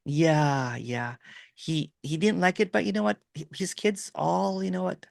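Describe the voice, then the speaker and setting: A middle-aged Filipino man with a Filipino accent hosts a casual video-call chat, rambling through a story full of fillers and "right?". His voice is a little high and unhurried with vocal fry, and the studio sound is clean with no echo.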